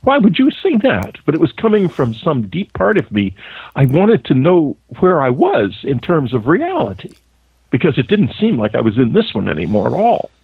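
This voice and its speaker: A male author, a guest on a radio show, recounting events in a halting way, searching for words. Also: medium pitch, very animated, vocal fry, slightly rough, no room sound. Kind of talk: phone interview, personal recollection. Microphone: telephone. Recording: tinny phone line.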